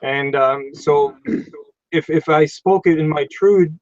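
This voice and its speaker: A middle-aged man with a southern German accent chats casually on a live stream, pausing and restarting as he thinks. His voice sits somewhat high for a man. The sound is dry and slightly dull, like a home computer mic. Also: darkish tone, dry recording. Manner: unhurried, hesitant, many fillers and restarts. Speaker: mechanic hosting a live stream.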